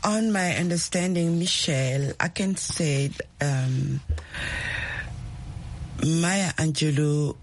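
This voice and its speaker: A woman's voice: sits low, slow, long pauses, slight background noise. A woman co-hosting a teaching chat, speaking hesitantly and searching for her words. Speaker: co-host from another program.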